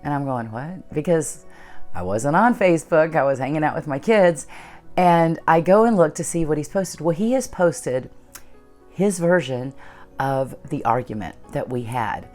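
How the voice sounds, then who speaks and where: A woman's voice: sits low, lively intonation, moderate pace, darkish tone, faint music behind. A middle-aged woman hosting her own channel, earnestly retelling a personal story and acting out the dialogue. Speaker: channel host.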